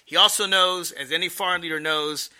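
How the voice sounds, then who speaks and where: A man's voice: a little high, steady tone, fairly quick, pushed and bright. A man giving political commentary in an emphatic, sarcastic way. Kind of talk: explanatory commentary.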